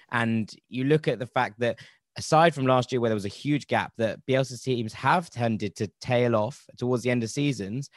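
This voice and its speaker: A man's voice: mid-range voice, dry recording, studio quality. A man hosting a casual football podcast, rambling and wry, correcting himself as he goes. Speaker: podcast host.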